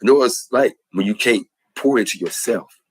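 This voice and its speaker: Husky low-voiced man preaching earnestly. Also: a little fast, no room sound. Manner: earnest, repetitive, emphatic preaching cadence. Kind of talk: impassioned spoken testimony.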